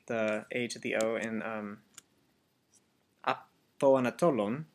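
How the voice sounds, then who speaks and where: A teacher giving a Biblical Greek lesson as a voice-over, speaking deliberately and repeating each word so learners can copy it. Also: mid-range voice, a little hiss or hum. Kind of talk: slow instructional voice-over.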